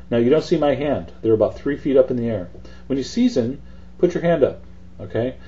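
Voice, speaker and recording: A man's voice: mid-range voice, highs cut off. A man hosting a cooking demonstration, talking through each step in a chatty, easygoing way. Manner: chatty, relaxed instruction with fillers. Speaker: cooking show host.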